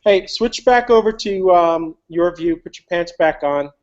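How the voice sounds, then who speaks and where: A man's voice: sits high, measured pace, highs cut off. Man hosting a talk, joking with the speaker. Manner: friendly teasing banter. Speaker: event host.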